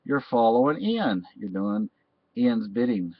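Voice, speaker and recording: A man's voice: mid-range voice, very animated, measured pace, no room sound. A man from Texas, talking in a rambling personal monologue that often restarts and repeats phrases. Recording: dull, dry lo-fi recording.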